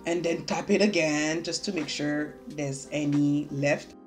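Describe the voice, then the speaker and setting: A young woman chats her way through a makeup tutorial, teasing herself as she goes. Her voice sits a little low, and faint music plays underneath. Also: steady tone, measured pace, a little mellow. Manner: chatty, self-mocking, talks while doing makeup. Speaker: beauty vlogger. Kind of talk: casual chatty makeup tutorial. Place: home room.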